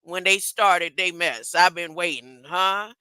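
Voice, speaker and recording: A woman giving a rambling, excitable spiritual monologue to her online viewers. She keeps tagging lines with "huh?", repeats phrases and laughs between them. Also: fairly low pitch, measured pace, smooth, no echo. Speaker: online video preacher.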